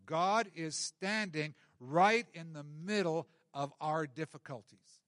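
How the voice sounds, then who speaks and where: A middle-aged male pastor preaching a sermon in an animated way, acting out scenes from scripture. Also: on the high side, takes it slowly, few pauses, dry recording, clean studio sound.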